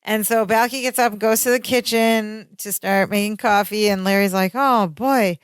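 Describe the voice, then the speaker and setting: A woman co-hosting a casual rewatch podcast, retelling scenes with lively put-on character lines. Her voice sits at an ordinary middle pitch. The sound is dry and close, with little room. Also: moderate pace, clean tone, no room sound. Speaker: podcast co-host. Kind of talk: casual recap chat.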